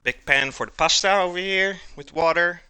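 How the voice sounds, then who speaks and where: A man's voice: high-pitched, moderate pace, pushed and bright, clear, resonant tone, dry recording. A man hosting a live cooking stream, chatting casually with his viewers, joking, laughing often and answering their messages while he cooks in his kitchen. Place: home kitchen.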